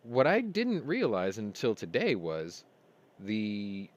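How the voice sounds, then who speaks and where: Heard in a lo-fi recording, a chat-show host with a fairly low voice tells long, rambling stories slowly, with huge swings in pitch. He retells conversations by playing both parties on his casual weekly show.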